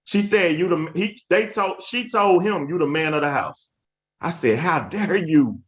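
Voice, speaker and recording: An emphatic man, speaking to teachers in a webinar. His voice sits a little high, and he tells stories like a preacher, repeating key phrases and calling out to the audience. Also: lively intonation, normal speed, a bit bright. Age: 30s. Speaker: education speaker. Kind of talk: webinar talk with storytelling.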